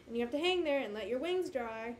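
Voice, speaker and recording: A high-pitched woman leads a children's lesson at home, gentle and encouraging as she talks to the camera. Now and then she loses her place and backtracks. A faint hum of room noise sits behind her. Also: lively intonation, fairly quick. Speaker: teacher. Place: home with a carpet.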